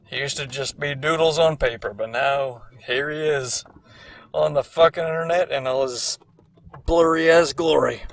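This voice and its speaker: A man's voice: fairly high pitch, a bit bright, a little hiss or hum. A man in his twenties giving casual, profane and rambling commentary on a cartoon he made as a teen. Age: 20s.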